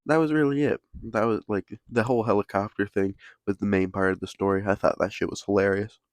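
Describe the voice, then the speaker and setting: A man's voice: on the low side, steady tone, brisk, no echo. A young man casually telling a story in laid-back slang, swearing constantly.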